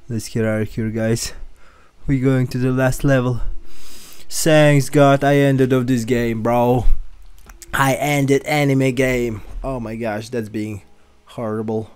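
A man giving casual let's-play commentary on a horror game, excitable and chatty, talking straight to his viewers. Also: mid-range voice, takes it slowly, clean tone, no room sound. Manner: excitable, chatty, keeps addressing viewers as guys and bro. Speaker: gamer streaming a horror game.

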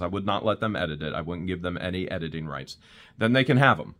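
A man's voice: lowish voice, very animated, fairly quick, fairly bright tone. A man recapping events in a casual vlog, telling the story animatedly with laughs and exclamations. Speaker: channel host.

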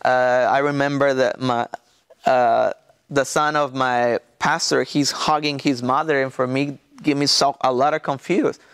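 A pastor from Mexico with a Mexican Spanish accent tells his testimony in an interview, in halting non-native English full of restarts and fillers. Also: mid-range voice, steady tone, fairly bright tone, clear, resonant tone, no room sound, studio quality.

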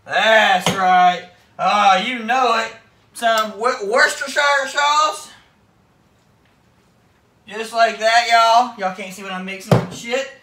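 A man's voice: high voice, slow, long pauses, sharp tone, slight background noise. A man with a Southern US accent hosting a casual home cooking vlog. He jokes crudely and keeps repeating "that's right, folks.". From Florida, US. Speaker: cooking video host. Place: home kitchen. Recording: echoey room, voice off-mic.

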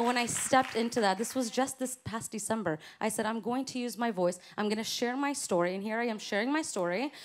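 A woman's voice: a little high, a little hiss or hum. A woman giving an earnest, encouraging personal testimony at a church women's gathering. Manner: earnest, encouraging, faith-filled declarations. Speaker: women's conference speaker. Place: church stage before a live audience.

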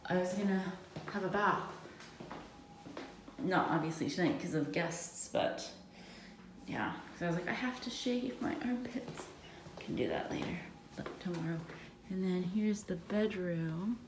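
Young woman vlogging, halting and emotional. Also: fairly low pitch, lively intonation, noisy background. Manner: emotional, halting, many restarts; tired, quiet late-night talk. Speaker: vlogger, bride-to-be. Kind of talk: casual vlog talk to camera.

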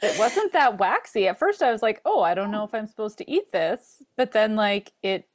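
A woman's voice: mid-range voice, animated, normal speed. A woman co-hosting a cooking podcast, mostly listening with short replies and laughs. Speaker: podcast co-host. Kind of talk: casual cooking chat.

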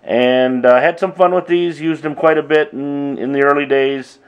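A middle-aged man casually walking through his old drum machine sounds, talking in a relaxed, halting way with frequent pauses. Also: a little high, clean tone, highs cut off. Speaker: drummer demonstrating gear. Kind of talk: casual demo walkthrough.

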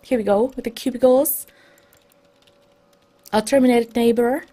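A woman hosting a let's play, chatting in a bubbly, excitable way as she starts a new game. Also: fairly high pitch, a little slow. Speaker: let's play streamer and host. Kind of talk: casual gameplay commentary.

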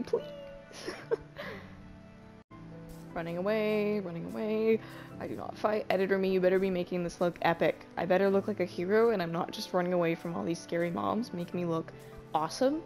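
A woman's voice: fairly low pitch, normal speed, pauses often, over music. A young woman giving casual gameplay commentary in a panicky, self-mocking way, swearing freely. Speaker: Minecraft let's player.

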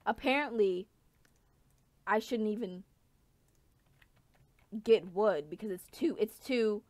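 A young woman giving casual gameplay commentary, animated, swinging from low mumbles to yelling. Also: takes it slowly, no echo. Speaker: gaming YouTuber.

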